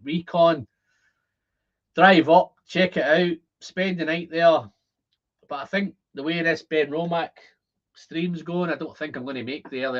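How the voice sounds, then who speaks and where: A man's voice: on the high side, a bit bright. Chatty Scottish man, dull lo-fi audio. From Scotland. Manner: chatty, rambling, repeats words when thinking. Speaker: whisky livestream host. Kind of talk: casual livestream chat reading comments.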